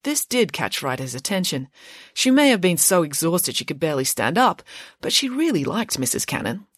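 Une conteuse expressive à la voix animée. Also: female voice, on the low side, normal speed, no room sound, studio quality. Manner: expressive, animated reading. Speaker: storyteller. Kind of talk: children's story narration.

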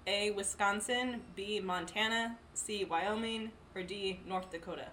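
A woman's voice: medium pitch, fairly bright tone, slight background noise. Teasing woman reading quiz questions. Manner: teasing, reads options slowly. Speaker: quizmaster. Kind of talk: playful quiz game with a friend.

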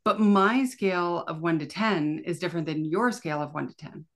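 A woman from Canada, a podcast guest, talking in a casual, animated way full of "like" fillers. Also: fairly low pitch, normal speed. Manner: animated, chatty, lots of fillers like "like". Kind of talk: casual conversational interview.

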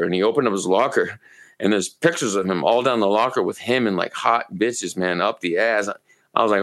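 A man from Maine co-hosting a podcast, telling long rambling, profane stories in a relaxed, casual way. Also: deep voice, quick pace. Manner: profane, rambling, laid-back storyteller. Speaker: podcast co-host. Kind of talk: casual storytelling chat.

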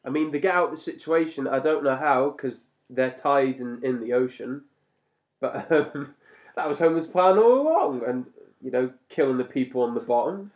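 A man's voice: medium pitch, normal speed. Chatty man, lo-fi sound. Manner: chatty, laughs often, animated bursts. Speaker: podcast co-host. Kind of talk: casual chat reviewing a cartoon episode. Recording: slightly muffled lo-fi recording.

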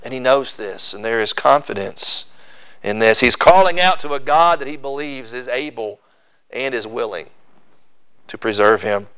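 A man preaching a sermon in an earnest, measured way, slowing down for emphasis. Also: mid-range voice, expressive, clean tone. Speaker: pastor. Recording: tinny phone-like sound.

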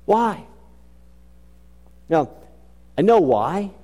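A man preaching with a dark, mellow voice that rises loud and urgent and then sinks low and slow. His words ring out with the long reverb of a large church hall. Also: very animated. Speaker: pastor. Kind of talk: sermon.

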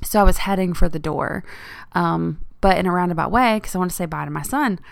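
A woman's voice: on the low side, brisk, creaky, no echo, clean studio sound. A woman hosting her own podcast, talking in a chatty, rambling way and laughing often. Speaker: podcast host. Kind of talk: casual solo podcast monologue.

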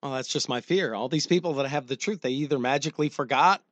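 A man's voice: mid-range voice, fast, no echo. A man co-hosting a casual talk radio chat, wry and sarcastic. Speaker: radio co-host.

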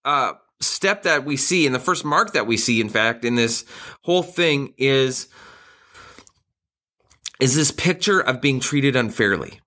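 A man in middle age delivers a sermon in a relaxed, conversational tone. His voice is bright and forward, with a middle pitch. He jokes at his own expense and often restarts his phrases. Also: unhurried. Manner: conversational, self-deprecating humor with frequent restarts. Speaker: pastor.

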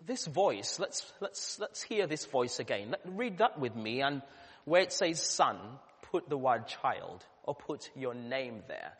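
A man, a pastor, delivering a sermon with earnest emphasis that swells to loud peaks. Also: mid-range voice, big pitch swings, a little slow, breathy edge. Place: church. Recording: long church reverb.

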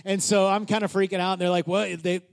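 A man preaching in a church, telling a story in a chatty, animated way, with many filler words. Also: high-pitched, quick pace, creaky. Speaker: pastor. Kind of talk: sermon told as a casual story.

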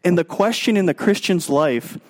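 A man preaching a sermon as pastor, emphatic, moving between raised passages and quiet, drawn-out stretches. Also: high-pitched, lively intonation. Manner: emphatic, swinging between raised and hushed delivery.

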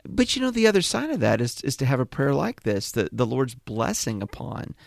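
A man co-hosting a podcast about scripture, speaking in a measured, reflective way and reading verses slowly. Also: medium pitch, sing-song, creaky, no echo, clean studio sound. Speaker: podcast co-host. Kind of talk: conversational Bible discussion.

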